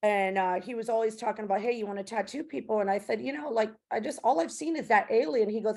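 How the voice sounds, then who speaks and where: A woman hosting a casual chat, blunt and profane, telling animated stories. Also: a little high, fast, vocal fry, hardly any pauses.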